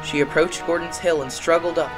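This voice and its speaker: A woman narrating a children's storybook tale in an expressive, lilting way. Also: low-pitched, brisk. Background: music.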